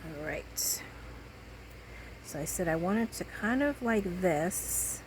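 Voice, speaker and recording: Cutting and gluing on camera, this crafting vlogger talks chattily to herself and her audience. Her voice is on the low side with lively intonation and a slow pace, against a noisy background.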